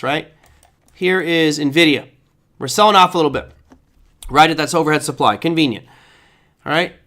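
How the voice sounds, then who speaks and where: A man's voice: on the high side, fairly bright tone. A man hosting a live trading stream, talking casually about the markets and answering viewer questions, often checking in with "right?". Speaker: trading show host.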